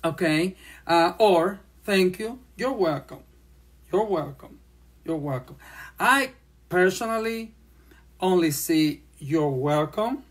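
Slow-paced sign language teacher. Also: medium pitch, breathy edge. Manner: speaks slowly, repeats phrases while demonstrating signs. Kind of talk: slow classroom lesson.

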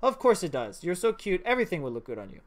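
A woman voicing a doting father in a horror game, speaking softly and fondly. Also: fairly low pitch, big pitch swings, fast talker. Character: doting father, gentle but shady.

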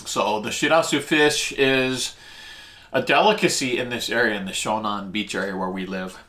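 Bright-voiced man chatting through a tasting. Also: moderate pace. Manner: chatty, explains Japanese food terms while tasting; eats while talking, with lively jumps in pitch. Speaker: food vlog host. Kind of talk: casual food-tasting chat.

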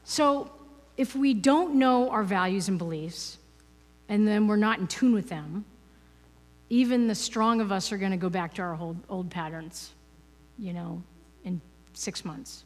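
A woman gives a spiritual talk from the front of a church hall. Her delivery is casual and playful, and she keeps tossing rhetorical questions to the congregation. Her voice sits at an ordinary pitch and echoes through the long reverb of the room. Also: measured pace. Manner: conversational, playful, asks the audience rhetorical questions. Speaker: guest speaker.

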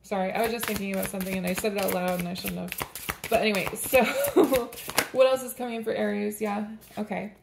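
A woman rambles through a casual tarot reading, chatting freely and laughing between the cards. Her voice has a gravelly, fry-tinged texture at a middle pitch. The room around her sounds echoey. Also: fairly even intonation, fast talker, noisy background. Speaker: tarot reader.

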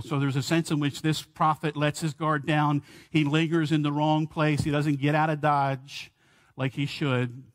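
A middle-aged male pastor delivers an expository sermon from the pulpit. His voice sits fairly high for a man, and he preaches with earnest emphasis, asking the congregation questions and driving each point home.

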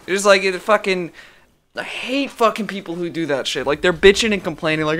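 A man's voice: a little high, fairly quick, a bit bright, smooth. A young man in a casual, profane comedic rant, swearing constantly and stammering through restarts.

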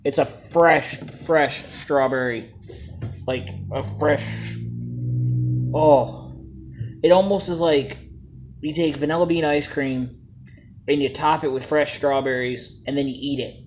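A man's voice: on the high side, fairly even intonation, slow pace, long pauses, soft background music. A man casually reviewing vape juices, joking and plain-spoken in a laid-back way.

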